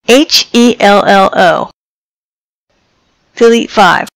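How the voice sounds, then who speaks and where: Slow, gravelly woman dictating commands. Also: medium pitch, no echo, rough recording. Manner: clipped, deliberate command dictation. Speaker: tutorial presenter. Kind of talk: dictating voice commands in a software tutorial. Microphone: headset microphone.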